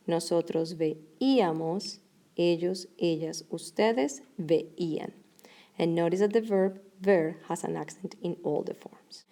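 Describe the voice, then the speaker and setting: A woman teaching a recorded grammar lesson, explaining clearly and slowing down for each example. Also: lowish voice, warm tone. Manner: clear, measured explanation with slow deliberate examples. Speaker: Spanish teacher.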